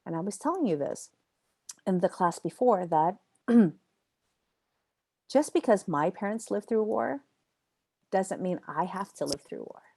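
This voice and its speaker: A woman's voice: mid-range voice, lively intonation, measured pace, creaky, pauses often, mellow. A woman teaching a live online yoga training class. She talks in an emphatic, chatty way, repeats phrases for effect and answers students' typed questions by name.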